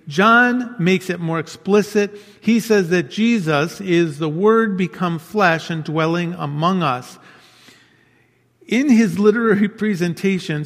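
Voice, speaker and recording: A man preaching a sermon in an earnest way, repeating key phrases for emphasis. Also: high voice. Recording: long hall reverb.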